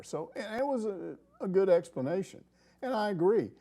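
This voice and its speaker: Middle-aged male sports talk host, mellow low-key tone, opinionated and rambling. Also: sing-song, normal speed. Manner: rambling, opinionated, acts out quoted people. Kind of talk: casual sports chat.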